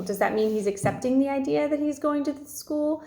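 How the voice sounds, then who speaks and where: A woman's voice: high voice, fairly even intonation, fast, warm tone. Woman reading aloud in an echoey room. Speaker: teacher reading a novel aloud. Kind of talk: read-aloud with class questions.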